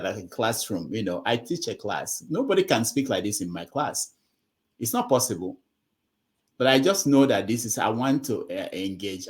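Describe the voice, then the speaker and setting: A man runs an online call-in forum, lecturing his callers with plain exasperation. His voice swings widely up and down as he moralizes, sitting at an ordinary middle pitch.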